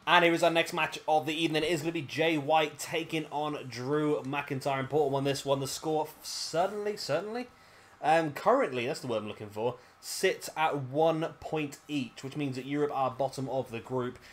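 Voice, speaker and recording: A man's voice: fairly high pitch, normal speed. A British man giving chatty, rambling play-by-play commentary over a wrestling video game, often correcting himself mid-sentence. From Britain. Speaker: gaming commentator.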